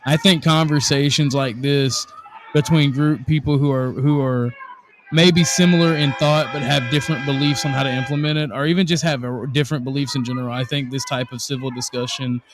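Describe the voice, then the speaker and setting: A man's voice: medium pitch, steady tone, fairly quick, background noise. Earnest man talking to stream viewers. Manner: earnest, hesitant, speaks to the viewers. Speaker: livestream host. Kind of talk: casual live commentary.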